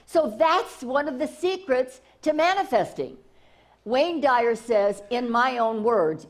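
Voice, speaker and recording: A woman giving an inspirational talk as a spiritual teacher, bubbling with enthusiasm. Her voice sits fairly high and swoops through a wide, lively range. She repeats phrases and restarts often as the excitement carries her. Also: unhurried.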